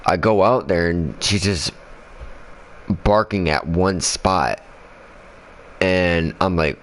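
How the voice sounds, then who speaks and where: Very deep-voiced man, swearing and rambling. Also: slow, pauses often. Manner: swears constantly, rambling with fillers. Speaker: gaming channel host. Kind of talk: casual storytelling while playing a game.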